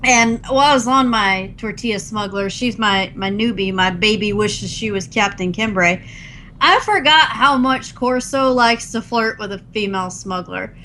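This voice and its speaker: A woman's voice: mid-range voice, normal speed, sharp tone, a little hiss or hum, rough recording. A young woman co-hosting a casual gaming podcast, chatty and laughing often, acting out game characters' lines as she tells stories. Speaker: podcast co-host.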